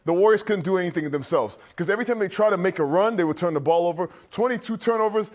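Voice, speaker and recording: A man's voice: sits high, fast. A former player turned basketball analyst, a man giving a loose, conversational game breakdown on a postgame show.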